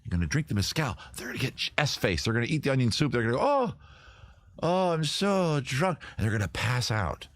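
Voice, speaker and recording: Lively, crude-joking male livestream host. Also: mid-range voice, quick pace, few pauses, no room sound. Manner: rambling, crude, deadpan absurd riffing. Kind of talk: improvised comic livestream answering viewers.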